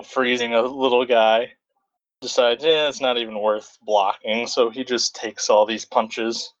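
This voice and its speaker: Relaxed male podcast co-host, lo-fi. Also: medium pitch. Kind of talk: casual chat. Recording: dull lo-fi audio.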